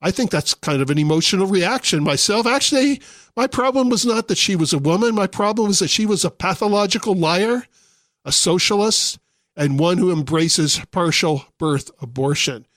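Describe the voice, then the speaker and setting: A male radio talk show host with a high voice, speaking with sarcasm and indignation as he works through a political monologue. The studio sound is close and dry, with no room around him. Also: expressive, moderate pace, fairly bright tone, no room sound.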